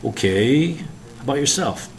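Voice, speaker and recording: A man's voice: mid-range voice, lively intonation, a little slow, gravelly, slight background noise, pitched above the performer's own voice. A man reading a polite, earnest young junior officer who answers in a mild, reserved way. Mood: wary.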